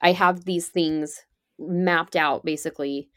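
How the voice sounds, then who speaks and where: A woman's voice: sits low, fairly even intonation, slow, no echo, studio quality. A woman on a podcast, explaining emergency preparedness step by step in an upbeat, chatty way. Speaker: podcast guest, preparedness expert. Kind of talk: casual podcast conversation.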